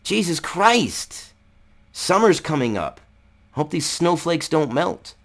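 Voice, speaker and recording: A man's voice: on the high side, sing-song, slow. A man ranting angrily in a vlog, swearing heavily, raising his voice and firing off rhetorical questions. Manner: profane, heated, shouting at times. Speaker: political commentary vlogger. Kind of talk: angry ranting commentary.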